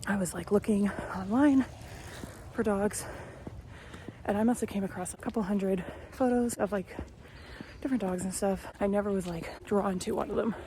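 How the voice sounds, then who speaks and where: A woman in her thirties talks casually into her phone while walking outdoors. She tells a long story at an easy conversational pace and sometimes voices the people in it. Her pitch sits in a medium range for a woman, and faint background noise runs under the talk. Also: warm tone. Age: 30s. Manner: chatty storytelling, acts out quoted voices. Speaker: vlogger. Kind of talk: casual walk-and-talk vlog. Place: outdoors on a walk.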